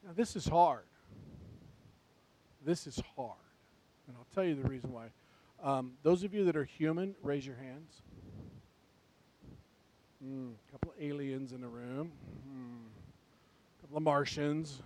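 A man preaching a sermon to a church congregation, swinging between quiet, reflective passages and loud, urgent ones. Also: medium pitch, a little slow, pauses often, dry recording, poor audio. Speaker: pastor. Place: church sanctuary.

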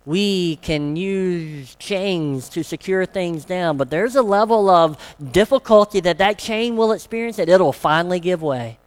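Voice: medium pitch, a little slow, hardly any pauses. A pastor preaching a sermon, emphatic and fond of rhetorical questions.

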